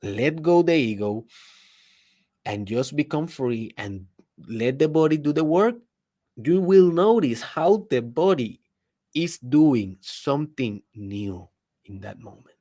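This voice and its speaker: A man with a voice of ordinary middle pitch delivers a motivational monologue as a podcast host. He is emphatic, jumping from loud bursts to hushed asides, and keeps asking the listener rhetorical questions. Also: lively intonation, slow. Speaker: podcast host, personal development speaker.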